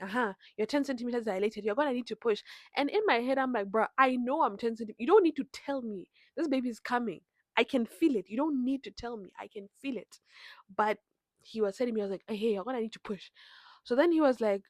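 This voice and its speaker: A young woman telling her birth story in a vlog, animated and acting out the people she quotes. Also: on the high side, no room sound. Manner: animated retelling with quoted voices. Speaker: vlogger.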